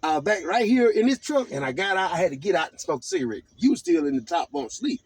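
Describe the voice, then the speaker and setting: High, animated man telling a rambling story. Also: fast talker, slightly rough, no room sound. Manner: rambling storytelling, turning defensive. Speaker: partner in a couple's argument. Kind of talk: casual conversation. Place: inside a truck cab.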